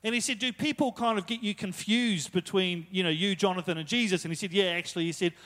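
Young male preacher, light high voice, relaxed talky delivery with humorous asides. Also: fast talker. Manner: casual, joking asides, retold quotes. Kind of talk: conversational sermon.

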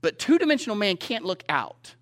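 A man's voice: high voice, very animated, a little fast. A man preaching a sermon from a stage to a live audience, talking conversationally and often asking the listeners questions. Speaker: pastor.

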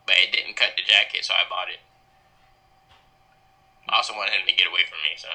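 A man co-hosting a podcast in casual joking chat, rambling into absurd deadpan tangents. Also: low voice, a little fast, creaky, rough recording. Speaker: podcast co-host.

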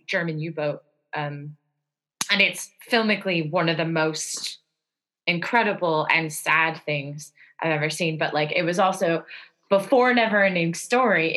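A woman co-hosting a podcast in casual chat, talkative and quick to laugh, given to rambling asides. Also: on the low side, a bit bright, low-quality recording. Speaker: podcast co-host.

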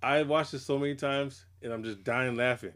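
A man's voice: mid-range voice, fairly even intonation, normal speed, a bit bright. Male podcast co-host, loose profane banter, easy laugh, mid-range voice. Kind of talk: casual hip hop podcast chat.

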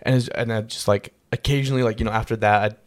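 A man's voice: lowish voice, steady tone, fast. A man hosting a casual chat, rambling with many fillers and restarts.

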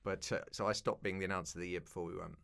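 A man's voice: low voice, steady tone, rapid-fire, creaky, fairly bright tone. A man in his fifties from London, a broadcaster telling self-deprecating, humorous anecdotes in an interview. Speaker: guest, broadcaster and keynote speaker. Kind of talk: casual interview chat.

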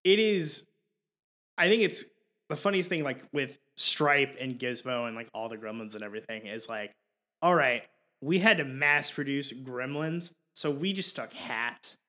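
A man co-hosting a podcast in casual chat, excitable and joking. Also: medium pitch, unhurried. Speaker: podcast co-host.

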